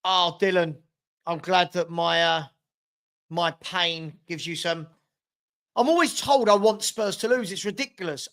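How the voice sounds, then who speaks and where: An exasperated man with a fairly high voice hosts a live football watchalong. He calls each pass and groans at his own side's play between shout-outs to viewers. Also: unhurried. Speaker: watchalong host.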